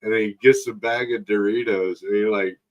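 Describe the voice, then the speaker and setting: A man tells crude stories in a casual chat, his voice sitting fairly low. He swears freely and often breaks into laughter. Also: fairly even intonation, brisk, dull audio. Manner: profane, laughing storyteller.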